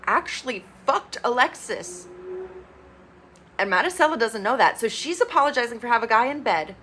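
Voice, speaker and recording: A woman recapping a reality show in a casual, blunt and expressive way, swearing freely. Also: a little high, normal speed, a little hiss or hum. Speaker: TV reviewer.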